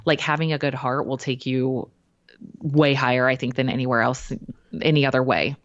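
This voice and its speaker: A woman, a podcast guest, telling a personal story in a lively way and acting out what people said. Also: rumbling low, normal speed, dry recording, muffled recording. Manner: animated storyteller who acts out quotes.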